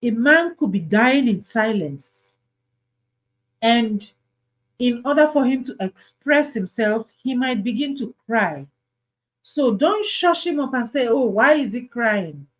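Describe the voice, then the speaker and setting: A woman with a Nigerian accent hosts an advice talk, pleading earnestly with her listeners. She speaks slowly and deliberately in a slightly high voice. She often repeats a point to press it home. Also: lively intonation, low-quality recording. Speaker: host.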